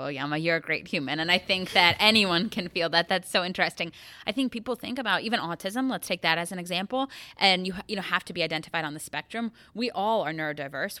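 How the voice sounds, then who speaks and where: A woman's voice: lowish voice, pushed and bright, dry recording. A woman hosting an interview, asking curious questions. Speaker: podcast host. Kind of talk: interview conversation.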